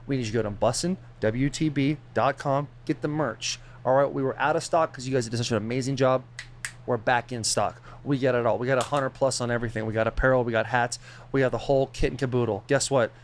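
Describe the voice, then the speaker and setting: A man co-hosting a podcast, delivering loud, joking, rambling banter and promos. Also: mid-range voice, steady tone, fairly quick, slight background noise. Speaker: podcast co-host.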